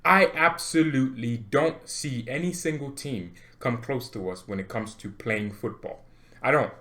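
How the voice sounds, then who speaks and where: A man hosting a football fan channel, ranting excitedly to camera with jokes, laughs and repeated words for emphasis. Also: medium pitch, a little slow. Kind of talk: animated fan rant to camera.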